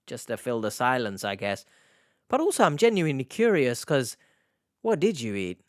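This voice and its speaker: A man's voice: mid-range voice, wildly swooping pitch, moderate pace, no echo, clean studio sound. A man hosting an online reaction video, giving sarcastic, mocking commentary in a casual way.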